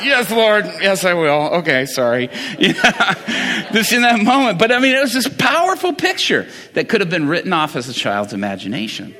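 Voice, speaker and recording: Man, middle-aged pastor, casual storytelling sermon, high bright voice, long hall reverb. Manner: animated, conversational storytelling with laughs.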